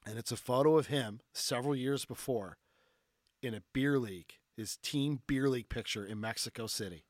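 Animated casual male storyteller. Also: mid-range voice, moderate pace, no echo, studio quality. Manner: animated storyteller, heavy filler "like", swears freely. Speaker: podcast guest.

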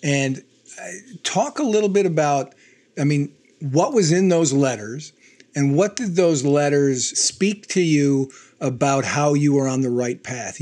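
Measured man asking interview questions. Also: medium pitch, a little mellow. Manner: recaps before asking, measured.

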